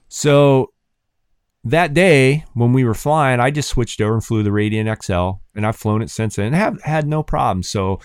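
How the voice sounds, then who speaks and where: A man co-hosting a casual podcast, telling lively stories and acting out what people said. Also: medium pitch, moderate pace, clear, resonant tone, no room sound, studio quality. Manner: animated storyteller, acts out others' lines. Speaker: podcast co-host. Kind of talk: casual chat.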